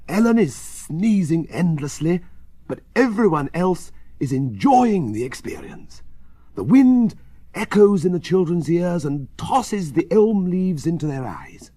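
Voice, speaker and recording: A man reading a children's story aloud in a very expressive, sing-song way. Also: fairly high pitch, breathy edge. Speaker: reader.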